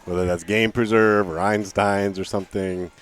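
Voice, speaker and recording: A man's voice: on the low side, steady tone, moderate pace. A man who produces and co-hosts a podcast, chatting in an easygoing way and laughing often. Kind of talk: casual chat.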